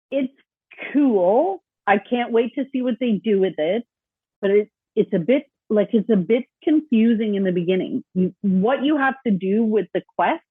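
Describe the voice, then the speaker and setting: Woman co-host, chatty and laughing, husky tone, thin remote-call sound. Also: mid-range voice, no room sound. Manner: chatty, laughs often, acts out quoted voices. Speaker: podcast co-host. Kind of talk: casual chat. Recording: tinny phone-like remote line.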